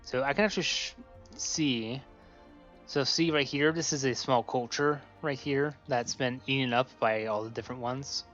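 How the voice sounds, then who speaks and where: An excited man chats casually while he streams a game, describing what happens on screen as he goes. The sound is a little dull and lo-fi, with faint music underneath. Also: mid-range voice, moderate pace. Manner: excited, chatty, narrates what he sees. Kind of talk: casual chat while gaming.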